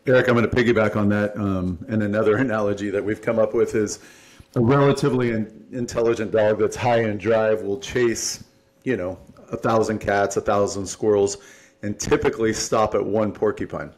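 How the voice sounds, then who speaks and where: Man, podcast host, low voice, casual, storytelling, swears freely. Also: fairly even intonation, normal speed, darkish tone. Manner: storytelling with analogies, profane.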